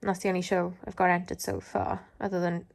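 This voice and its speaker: A woman's voice: fairly low pitch, flat delivery, fast talker, vocal fry. A woman who shows dogs, chatting casually into her phone at home, rambling with lots of fillers. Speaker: dog show handler. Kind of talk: casual vlog chat. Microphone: phone held in hand.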